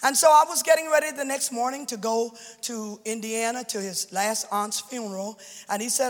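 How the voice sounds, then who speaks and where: A woman's voice: a little high, steady tone, moderate pace. Woman, a pastor's widow, giving emotional church testimony into fervent preaching; long reverb from a big hall.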